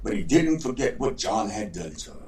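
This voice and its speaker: Male host-storyteller, lowish voice, reads a tale aloud; roomy, far-off recording. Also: sing-song, darkish tone. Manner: unhurried, stumbles and corrects himself. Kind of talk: reading a folk tale aloud. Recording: roomy echo, distant mic.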